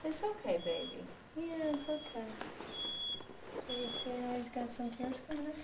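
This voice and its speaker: A woman's voice: high voice, lively intonation, normal speed. Soothing woman coaching from a distance. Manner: soothing, coaxing, repeats short instructions. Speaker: energy healing practitioner. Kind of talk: guiding a live treatment session. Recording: echoey room from far off with loud background noise.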